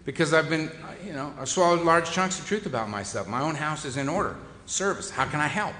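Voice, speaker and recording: Speaking a little high and fairly quick, this man sounds expressive, bright and forceful as he delivers a humorous recovery talk. His wry, self-deprecating words fill a meeting hall that echoes with long reverb.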